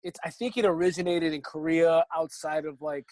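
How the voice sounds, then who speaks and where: A man's voice: a little high, a little fast, no room sound. A young man, an actor, telling long stories in a casual interview, acting out what people said and laughing often. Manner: animated, acts out quotes, laughs often.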